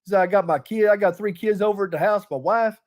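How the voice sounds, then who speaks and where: A man's voice: sits high, quick pace, a little mellow. A man telling a long, profane, rambling story in casual chat, laughing as he goes. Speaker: podcast host.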